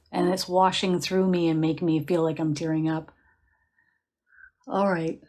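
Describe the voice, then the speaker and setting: A woman with a slightly low voice leads a live psychic reading. She sounds chatty and reassuring, breaks into soft laughs now and then, and calmly coaches listeners to relax and sense the answer in their bodies. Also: a little slow. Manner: guides listeners to relax and feel answers in the body. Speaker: psychic medium.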